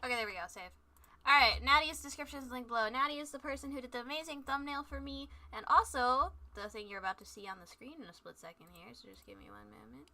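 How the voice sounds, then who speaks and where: A woman's voice: on the high side, big pitch swings, fast, few pauses, bright, forceful tone. A woman streaming a game, chatting casually in a bubbly, scatterbrained way and joking at herself. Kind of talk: casual live-stream chat.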